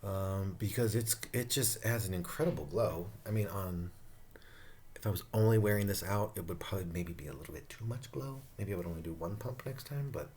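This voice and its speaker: A man's voice: sits low, brisk, a little mellow, a little hiss or hum. A man giving a casual skincare review at home, campy, profane and playful, laughing often. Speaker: beauty vlogger reviewing skincare.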